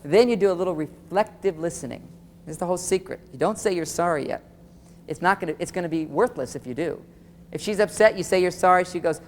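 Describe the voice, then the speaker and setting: Lively male seminar speaker, talks right at the crowd, playacts little exchanges; long hall reverb, faint tape hiss. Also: high-pitched, quick pace. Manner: animated, acts out quoted dialogue, addresses audience directly. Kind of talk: live seminar lecture.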